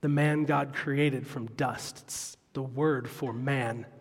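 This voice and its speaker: Slow-preaching man in a reverberant hall. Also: medium pitch, steady tone. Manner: expository preaching, quoting scripture. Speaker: pastor. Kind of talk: sermon.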